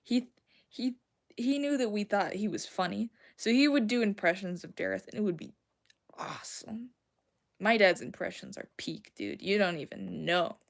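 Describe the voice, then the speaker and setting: Southern girl streamer, rambly and giggly, lots of creaky fry. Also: medium pitch, moderate pace. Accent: Southern American. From Southern United States. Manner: rambling, giggly, self-deprecating. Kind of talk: casual livestream chat, answering chat.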